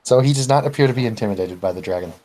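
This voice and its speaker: A man narrating as game master of a tabletop role-playing game, in a relaxed, chuckling way. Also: mid-range voice, racing, a little hiss or hum, low-quality recording.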